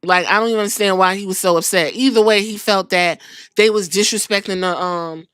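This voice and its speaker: A woman's voice: mid-range voice, steady tone, a little fast, a bit bright, clear, resonant tone, dry recording, studio quality. A young woman hosting a podcast, recapping wrestling in a sassy, profane, casual way. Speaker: podcast host.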